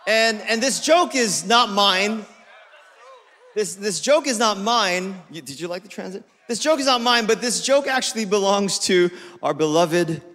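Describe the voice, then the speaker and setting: High, bright-voiced pastor with joking delivery. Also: male voice. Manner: playful, joking storyteller. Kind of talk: sermon. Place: church auditorium. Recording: long reverb of a church hall.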